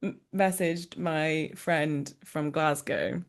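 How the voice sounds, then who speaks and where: Low-voiced chatty woman actor. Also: fairly even intonation, slow. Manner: chatty, laughs often, many fillers. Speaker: musical theatre actor, guest. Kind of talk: casual interview chat.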